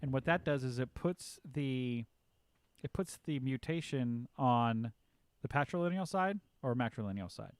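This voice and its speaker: A man's voice: medium pitch, expressive, measured pace, smooth, no echo. A man streaming and chatting casually, with a mid-range voice that rambles on, full of ums and restarts as he works his way through a thought. He talks like someone half-focused on the game and half on the chat. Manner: rambling, lots of fillers and restarts.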